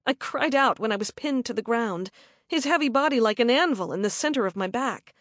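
A woman narrating a suspense story in the first person with measured, dramatic delivery. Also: a little high, lively intonation, a bit bright, no room sound, clean studio sound. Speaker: audiobook narrator.

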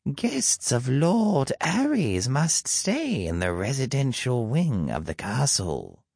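A man voicing a tall masked elven fawn woman with a soft accent, who speaks in a slow, formal, detached way. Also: mid-range voice, wildly swooping pitch, creaky, husky, no room sound, studio quality, voice pushed up, full character voice.

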